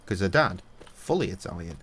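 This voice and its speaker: An English man in his thirties, streaming a game with sweary, jokey commentary and sudden loud outbursts. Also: sits low, big pitch swings, moderate pace. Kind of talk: casual gaming commentary.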